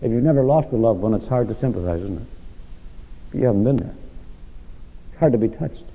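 A man preaching to a Bible class, moving between hushed tender lines and rising, ringing emphasis, with slow drawn-out phrasing. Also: medium pitch, animated, big-room sound, low-quality recording. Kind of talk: sermon.

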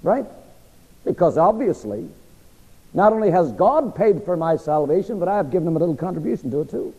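Lively preacher with a frog in his throat. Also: high-pitched, brisk, slightly rough. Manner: asks the audience to fill in words. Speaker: preacher teaching a Bible class. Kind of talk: sermon-style Bible teaching. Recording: lo-fi recording with long hall reverb.

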